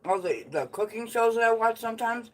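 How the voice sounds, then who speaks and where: A blunt, opinionated host chats casually on a livestream and swears freely. The voice is medium-pitched, fairly quick, with lively intonation, though the audio quality is poor.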